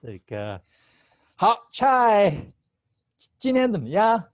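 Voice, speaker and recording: A man's voice: sits high, huge pitch swings, takes it slowly, no room sound. A male teacher running an online class, patient, switching between Chinese and English and laughing often. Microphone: video call. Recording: slightly dull video call audio.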